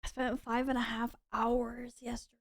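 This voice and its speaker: A woman streamer chatting casually with her viewers, chatty and quick to apologize and giggle. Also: a little high, level tone. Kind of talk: casual live-stream chat.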